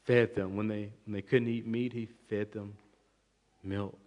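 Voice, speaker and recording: A man preaching an expository sermon, emphatic, with swings between loud and quiet passages. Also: on the low side, flat delivery, unhurried. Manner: emphatic, rising and falling in volume, restarts words. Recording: long reverb of a large hall.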